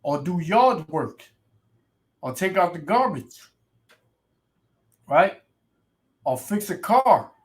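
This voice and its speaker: A ranting male street preacher with a slightly raised pitch. He stretches out scripture verses slowly and loudly, then fires off asides that keep ending in "man" and "right". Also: big pitch swings. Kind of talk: ranting sermon video.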